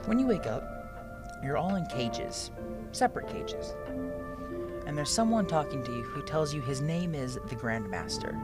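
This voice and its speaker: A man narrating as game master of a tabletop game, lively and correcting himself as he goes. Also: a little high, normal speed. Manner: lively, with restarts. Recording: music under the voice.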